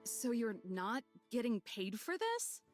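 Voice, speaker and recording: A woman voicing a dry, teasing young park ranger with deadpan comebacks while reading a visual novel aloud. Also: a little high, slow, faint music behind, voice pushed up.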